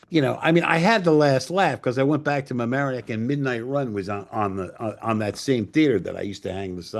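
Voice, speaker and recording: A man's voice: medium pitch, vocal fry. Profane New York storyteller, older man. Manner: profane, animated anecdotes with acted-out quotes. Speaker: screenwriter and director guest. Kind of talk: casual storytelling interview.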